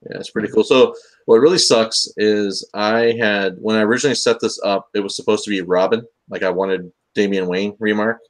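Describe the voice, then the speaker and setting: A man's voice: fairly low pitch, fairly even intonation, fairly quick. A man hosting a casual comics talk stream, joking and rambling with lots of fillers. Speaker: host of a comics talk show. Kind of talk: casual live-stream chat.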